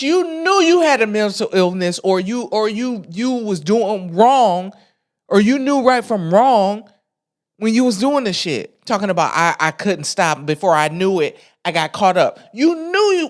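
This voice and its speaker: Animated, profane woman ranting. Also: mid-range voice. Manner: animated, profane, laughs often. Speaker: podcast host. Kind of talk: casual ranting commentary.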